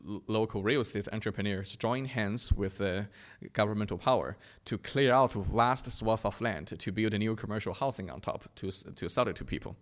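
A young man from China giving an earnest, reflective personal testimony, often pausing and restarting his sentences. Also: on the low side. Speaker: speaker sharing his faith testimony.

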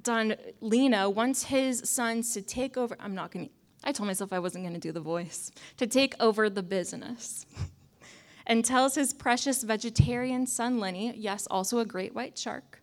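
A young adult woman preaching a conversational sermon in a wry, self-mocking way, often dropping to soft asides. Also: a little high, moderate pace.

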